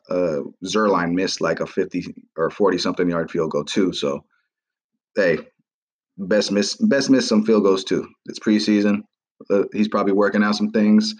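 Man hosting a low-voiced, loose sports podcast recap, lots of fillers. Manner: rambling, many fillers and restarts. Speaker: podcast host. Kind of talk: casual sports recap monologue.

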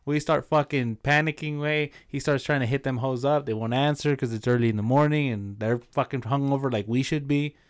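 A man hosting a casual podcast, telling a rowdy story in a profane, animated way and dropping Spanish slang. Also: medium pitch, brisk, hardly any pauses, clear, resonant tone. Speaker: podcast host.

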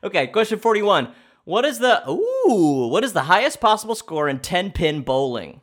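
Animated man quizzing himself aloud. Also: sits high, moderate pace. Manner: animated, thinks out loud, swings from shouting to muttering. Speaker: quiz contestant and host. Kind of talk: comedic solo quiz challenge.

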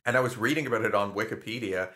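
Low, bright-voiced guy riffing with a laugh. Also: rapid-fire. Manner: rambling, profane, laughing often. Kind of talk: casual comedic chat.

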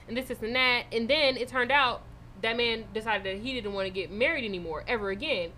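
Bright-voiced young woman telling a story. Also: a little high, quick pace, a little hiss or hum. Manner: animated, swearing, loud in retold moments. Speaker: podcast co-host. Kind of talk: casual storytelling chat.

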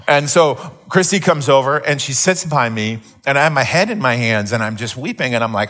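A middle-aged male pastor delivering a sermon in a voice of ordinary pitch. He tells stories in a loose, rambling way, full of restarts and repeated words. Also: lively intonation, a little fast, bright, forceful tone. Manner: rambling storyteller with many restarts. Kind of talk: sermon teaching.

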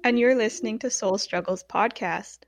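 A woman co-hosting a casual podcast, telling stories in a blunt, animated way. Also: mid-range voice, moderate pace. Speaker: podcast co-host.

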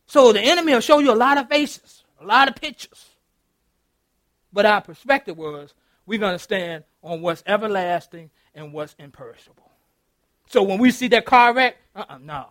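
A middle-aged man preaches with a very high, ringing voice. He is animated and laughs often, keeps checking in with his congregation, and sounds close and dry with no echo. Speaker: pastor. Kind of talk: interactive sermon. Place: church.

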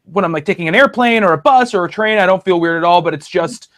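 A man's voice: sits high, fast, fairly bright tone. A man hosting a casual podcast chat about comic books, talking in a rambling way with many fillers and restarts. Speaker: podcast host.

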